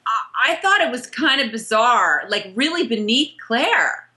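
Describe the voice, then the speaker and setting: A woman co-hosting a casual chat, animated and emphatic, talking in fast bursts. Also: on the high side. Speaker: co-host.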